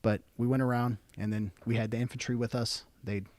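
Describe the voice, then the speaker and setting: A man's voice: medium pitch, fairly quick, no echo. Young male podcast guest, army vet, swears a lot, acts out the quotes, dry close sound. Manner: profane, animated storyteller acting out quotes. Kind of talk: casual storytelling.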